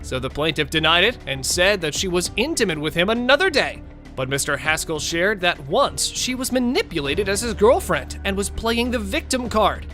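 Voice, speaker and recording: A man's voice: high-pitched, sing-song, moderate pace, bright, forceful tone. A man narrating a court show recap in a mocking, gossipy tone, over faint music.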